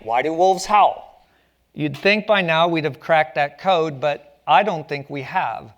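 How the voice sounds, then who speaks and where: A man's voice: on the high side, unhurried, background noise. A man giving a public lecture on stage, telling stories with a playful, joking manner. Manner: playful storytelling with jokes. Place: stage at a community arts center.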